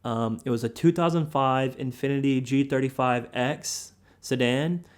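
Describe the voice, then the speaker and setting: A young man hosting a podcast, telling a personal story in a relaxed, slangy way and quoting the people in it. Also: mid-range voice, measured pace, clean tone. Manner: laid-back, slangy, quotes others a lot. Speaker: podcast host. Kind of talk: casual storytelling.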